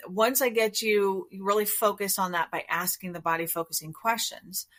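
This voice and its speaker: A woman therapist talks through her method as a podcast guest. She is calm and measured, explaining steadily in a mid-range voice. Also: mid-range voice.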